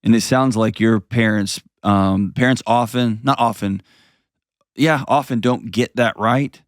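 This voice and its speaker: A man's voice: on the low side, a little slow, no room sound, studio quality. A man hosting a call-in advice show, counseling a caller in an earnest, direct, plain-spoken way.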